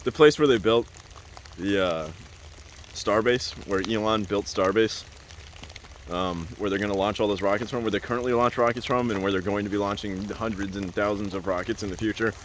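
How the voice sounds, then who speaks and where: A man's voice: fairly low pitch, fairly even intonation, brisk, a little hiss or hum. Rambling man telling a casual story. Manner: rambling, laughs often, many fillers like "like" and "uh". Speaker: vlogger.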